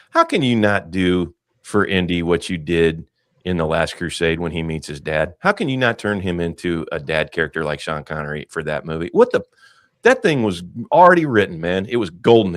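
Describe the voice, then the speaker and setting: A man hosting a casual movie podcast, animated and rambling, joking and swearing freely. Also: deep voice, fairly quick, no echo, studio quality. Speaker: podcast host.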